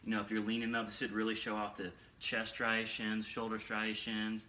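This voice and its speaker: A man's voice: fairly low pitch, completely flat delivery, normal speed, sharp tone. Breathless young man coaching, roomy echo. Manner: rambling, repeats himself, many fillers. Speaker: fitness coach. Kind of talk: casual instructional vlog. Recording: roomy echo, mic far off.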